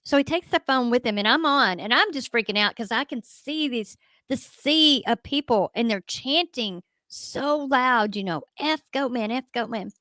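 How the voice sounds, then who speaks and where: A middle-aged woman, a ghost hunter guest telling an emphatic, animated story in a radio interview. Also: a little high, moderate pace, no room sound.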